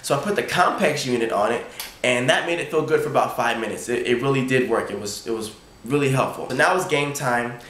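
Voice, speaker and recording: A man's voice: medium pitch, fairly quick, a little hiss or hum. Young man telling a story, echoey room. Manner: excited, animated retelling with quoted inner thoughts. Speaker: college triple jumper. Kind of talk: casual storytelling vlog.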